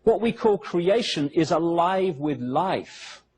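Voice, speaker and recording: A man's voice: a little high, lively intonation, slow pace, darkish tone, breathy edge. A man giving a public lecture with slides, talking the audience through pictures with sarcastic, mocking asides.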